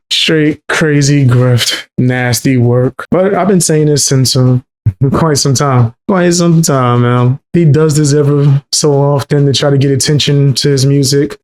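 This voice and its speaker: A man's voice: mid-range voice, darkish tone. Mocking man reacting to a clip. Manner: mocking, incredulous, repeats punchlines. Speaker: commentary host. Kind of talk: reaction commentary.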